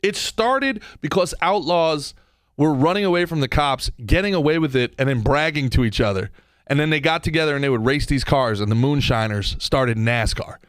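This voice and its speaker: A man hosting a podcast, ranting comedically with profanity and quick mock voices. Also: fairly high pitch, no echo. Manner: animated, profane, jumps between impressions and mock voices. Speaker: podcast host. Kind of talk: comedic rant.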